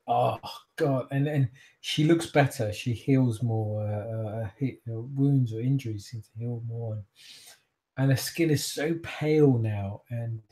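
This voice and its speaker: Man, game master, halting narration, mellow dark tone. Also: medium pitch. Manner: halting, searching for words.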